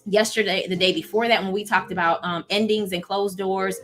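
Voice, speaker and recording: A woman hosting a live stream in casual chat, reading out viewer comments and talking to them warmly. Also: mid-range voice, steady tone, a little fast, faint music behind. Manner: warm, chatty, reads out viewer comments.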